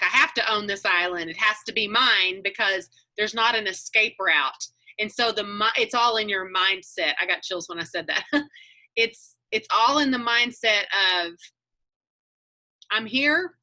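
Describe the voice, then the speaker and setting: A woman's voice: mid-range voice, moderate pace, sharp tone. A woman coaching a newcomer on a video call, earnest and motivational, with frequent restarts. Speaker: business coach.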